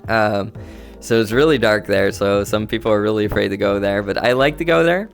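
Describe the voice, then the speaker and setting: A man's voice: lowish voice, brisk, vocal fry. A man livestreaming from home in VR, chatting casually with his viewers in an easygoing, rambling way. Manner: easygoing, rambling, talks to chat. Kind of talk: casual stream chat with viewers. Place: home streaming setup, playing in VR. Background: faint background music.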